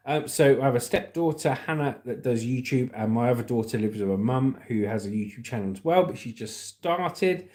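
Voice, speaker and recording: A man's voice: medium pitch, brisk, hardly any pauses, a little mellow. A middle-aged man with an English accent, chatting casually as a livestream host and reading out comments with a joking manner. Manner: jokey, chatty, laughs often. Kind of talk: casual chat.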